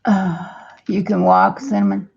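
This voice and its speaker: Reading viewer comments aloud, a woman rambles in a downcast way during a casual home vlog recorded on her computer webcam mic, which sounds dull and lo-fi. Her voice is on the low side and darkish, with fairly even intonation, a measured pace, vocal fry and a breathy edge.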